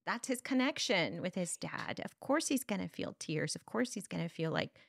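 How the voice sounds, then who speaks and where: A woman's voice: fairly low pitch, moderate pace, creaky, no echo, studio quality. A woman in a casual conversation as a guest, telling parenting stories and acting out the dialogue as she goes. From Texas. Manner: lively storyteller, acts out dialogue.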